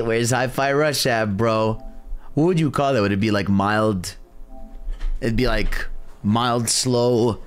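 A man streaming a game, chatting loosely with his viewers, calling them "bro" and joking around. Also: mid-range voice. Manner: loose and joking, calls chat "bro", improvises silly songs. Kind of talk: casual livestream chat. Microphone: desk mic.

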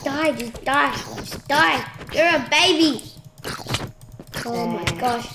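A woman giving casual, excitable commentary while playing a game, shrieking at surprises. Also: high-pitched, takes it slowly, long pauses. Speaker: gaming channel host. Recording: echoey room with clear noise.

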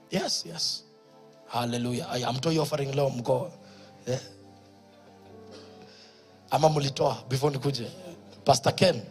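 A man with a Kenyan accent, a pastor preaching a sermon in church, moving from quiet storytelling to loud exhortation. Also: medium pitch, steady tone, unhurried, long pauses, faint music behind.

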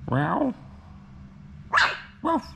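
Man, gravelly, slow, baby talk to puppies, casual vlog, faint background noise. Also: wildly swooping pitch. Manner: baby talk to puppies, high and sing-song at times. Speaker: vlogger showing puppies.

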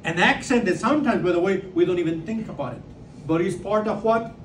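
A man with a Mexican Spanish accent lectures an audience, leaning on repeated words and rhetorical questions. His voice sits high. It echoes around the room and is picked up from a distance. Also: a little fast, a little hiss or hum. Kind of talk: public lecture. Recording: roomy sound from far off.

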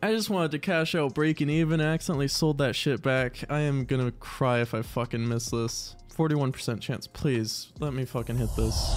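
A man's voice: mid-range voice, normal speed, few pauses, faint music behind. A man giving casual commentary while opening online game cases, pleading and swearing in exasperation. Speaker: case-opening YouTuber.

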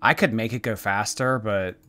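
A man's voice: lowish voice, moderate pace, bright, forceful tone. A man giving sarcastic reaction commentary, mocking what he watches. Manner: snarky, mocking.

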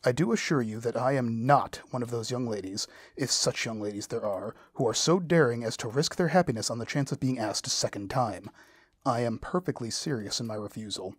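A man reading the lines of a spirited young woman firmly refusing a proposal, with a husky voice. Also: medium pitch, fairly quick, no echo, clean studio sound, close to an everyday voice. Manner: firm and exasperated refusal.

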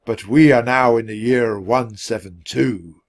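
A man voicing a wise, calm Roman emperor in a storybook reading, with measured, dignified speech. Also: medium pitch.

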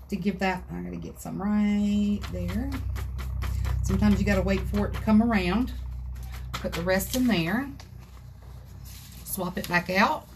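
Woman w/ doing a live craft tutorial, chatty and folksy, faint hum from her craft room. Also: mid-range voice. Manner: chatty, folksy, talks to viewers as she works. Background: dogs scratching in another room.

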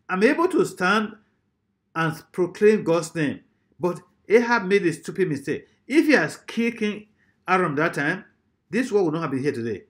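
A man with a high voice preaches emphatically, repeating phrases often and swinging between loud and soft.

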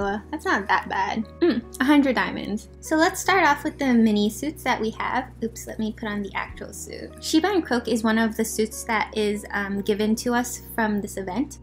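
A young woman with a slightly high voice chats casually as she walks through a game. She gushes, apologizes in asides and rambles on, with faint music playing underneath. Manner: chatty, apologetic asides, gushing about outfits. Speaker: gaming video host. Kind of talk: casual gameplay commentary. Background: faint background music.

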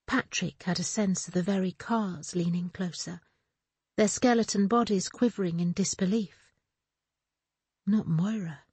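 Slow, husky female audiobook narrator. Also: mid-range voice, a little mellow, no echo. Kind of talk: scripted narration.

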